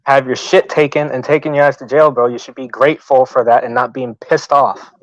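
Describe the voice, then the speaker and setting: A man's voice: mid-range voice, fairly even intonation, fairly quick, no echo, lo-fi sound. A man on a livestream bluntly lecturing a friend and swearing as he argues his point. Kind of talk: casual livestream argument.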